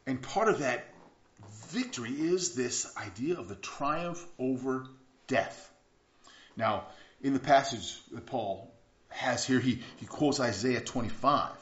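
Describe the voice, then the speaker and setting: A man preaching a sermon, earnest, moving between hushed passages and emphatic bursts and repeating words for emphasis. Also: mid-range voice, lively intonation, slow. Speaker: pastor. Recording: echoey room, dull lo-fi sound.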